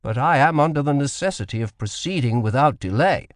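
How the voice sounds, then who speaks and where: A man voicing a commanding British admiral in an audiobook, speaking with deliberate authority. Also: mid-range voice, lively intonation, no room sound, studio quality, voice pushed up, natural voice. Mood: demanding. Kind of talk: audiobook character voice.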